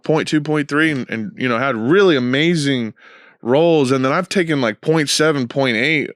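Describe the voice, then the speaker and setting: A man's voice: medium pitch, normal speed, a bit bright, dry recording, studio quality. A young man hosting a podcast, telling stories in a rambling, profane, casual way with lots of fillers. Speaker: podcast host. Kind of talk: casual chat.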